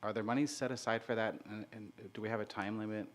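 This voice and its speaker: A man's voice: lowish voice, steady tone, quick pace. A man asking direct questions at a public meeting.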